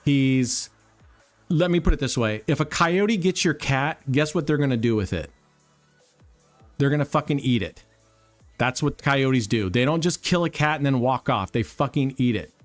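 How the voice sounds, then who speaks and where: A man hosting a live stream in a plain, mid-pitched voice, talking casually and cursing freely. He rambles, restarting sentences and filling pauses with ums. Faint music plays behind him. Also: animated. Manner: blunt, heavily profane storytelling; rambling, with many fillers and restarts. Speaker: roulette livestream host.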